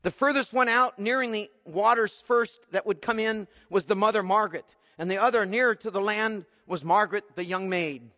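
A man's voice: sits high, normal speed, few pauses, sharp tone. A man preaching a sermon, telling a martyr's story with rising, impassioned appeals. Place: church. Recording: dull recording with long church reverb.

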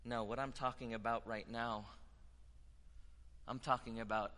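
A man preaching a sermon with passion, dropping to hushed tones and rising to loud declarations. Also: medium pitch, steady tone, a little slow, big-room sound. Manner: impassioned, swinging from hushed to loud.

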